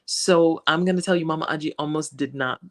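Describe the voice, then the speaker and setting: A woman from West Africa talking as a guest in a casual interview, animated and laughing often. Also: low voice, a little fast. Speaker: guest, social media creator.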